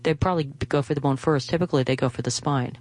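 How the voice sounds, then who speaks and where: A woman's voice: low-pitched, quick pace, a little mellow. A woman radio host, talking in a rambling, chatty way full of fillers and restarts. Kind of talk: casual radio monologue with pledge appeal.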